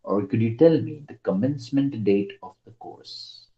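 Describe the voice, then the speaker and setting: A male English teacher runs an online class, repeating his prompts and coaxing quiet students to answer. His pitch moves up and down a lot. The sound is roomy, dull and lo-fi, as from a computer mic. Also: animated, normal speed.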